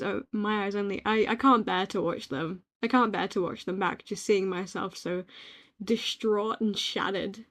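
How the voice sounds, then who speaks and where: A young British woman gently rambling in a soft-spoken ASMR-style note to herself, reflective and quietly affirming, recorded on a home microphone. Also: mid-range voice. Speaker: ASMR creator.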